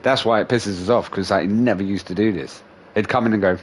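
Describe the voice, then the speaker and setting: Swearing, animated man telling stories. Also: on the low side, brisk, a little hiss or hum. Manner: animated storyteller, swears a lot, mimics animals. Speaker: streamer host. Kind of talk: casual chat.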